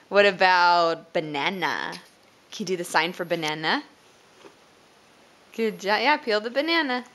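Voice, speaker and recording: A woman's voice: medium pitch, a bit bright. A woman at home patiently asking her toddler for animal sounds and signs, praising each try and laughing often. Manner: slow, encouraging, praising with frequent laughs. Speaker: parent.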